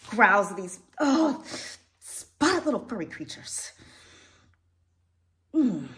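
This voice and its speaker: A woman playing Cruella, a vain wealthy woman who schemes over spotted puppies, with a drawling theatrical delivery and breathy asides. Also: medium pitch, a bit bright, full character voice.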